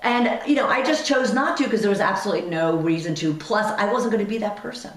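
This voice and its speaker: A woman's voice: mid-range voice, fast, far from the mic. A woman hosting a radio talk show, telling a personal story in a chatty way with many asides and fillers. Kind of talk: casual storytelling monologue. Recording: echoey room, voice off-mic.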